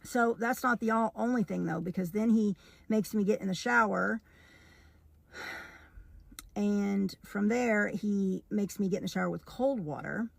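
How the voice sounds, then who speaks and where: A woman telling a personal story in a casual storytime, earnest and hesitant, filling pauses with fillers while she paints. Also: medium pitch, vocal fry. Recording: echoey room with long reverb.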